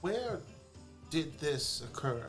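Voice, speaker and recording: A man's voice: fairly high pitch, big pitch swings, takes it slowly, fairly bright tone, soft background music. A man playing a tabletop game, describing his character's actions and laughing often. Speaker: player. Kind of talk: casual tabletop play.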